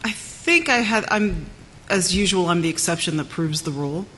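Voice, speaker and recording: A woman systems administrator answering on a conference panel in a wry, unhurried way. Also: on the low side, expressive, fairly bright tone, a little hiss or hum.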